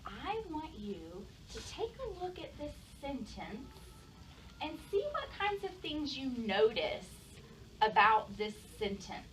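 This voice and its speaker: A woman's voice: high-pitched, sing-song, slow, a bit bright. A young adult woman teacher, leading a lesson for young pupils, praising answers and asking many questions. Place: classroom. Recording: distant mic, noisy classroom.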